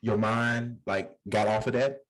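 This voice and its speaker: A young adult man co-hosting a podcast, telling stories in a slangy, animated way and acting out voices in casual chat. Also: lowish voice, measured pace, soft background music, rough recording. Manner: animated storyteller, slangy, acts out voices in anecdotes. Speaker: podcast co-host.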